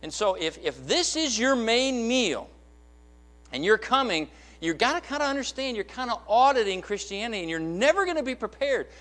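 High, lively preacher man. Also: normal speed. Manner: emphatic, rhetorical questions to the congregation. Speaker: pastor and church elder. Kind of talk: sermon. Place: church sanctuary.

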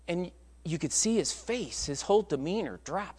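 A man's voice: fairly high pitch, lively intonation, normal speed. A man preaching a sermon, telling a story in an emphatic, conversational way.

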